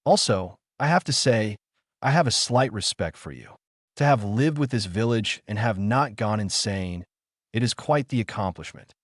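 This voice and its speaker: A man's voice: on the low side, animated, moderate pace, dry recording, clean studio sound. A man reading as a stern female demon fox. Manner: menacing, commanding. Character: proud angry female demon fox spirit.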